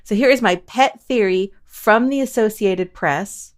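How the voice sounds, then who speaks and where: On her paranormal podcast, a woman with a mid-range voice chats casually and without hurry, tossing self-mocking asides to her listeners. As host, she also reads out quotes from the news.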